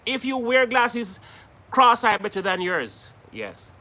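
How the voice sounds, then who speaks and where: A man's voice: very high-pitched, sing-song, slow pace, pushed and bright. A man from Jamaica hosting a live stream, chatting casually and greeting viewers by name, laughing often.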